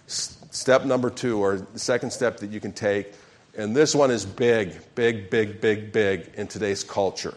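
A man's voice: lowish voice, normal speed. A man preaching a sermon as pastor, leading call-and-response with his congregation and speaking emphatically.

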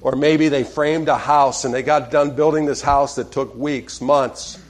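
A man preaching a sermon in a conversational way, dropping to quiet tones on scripture and often checking in with "okay?". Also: medium pitch, fairly even intonation, measured pace. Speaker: pastor.

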